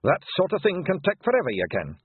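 A man voicing a small, brash male pixie warrior chief with a Scottish accent in a storybook, loud and blustering. The sound is tinny and dry. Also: sits high, wildly swooping pitch, fast talker, breathy edge, no room sound, voice pushed up, full character voice.

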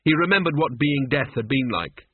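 A man narrating a novel as an audiobook in an even, measured way. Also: medium pitch, husky, dry recording. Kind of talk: scripted narration. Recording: tinny phone-like sound.

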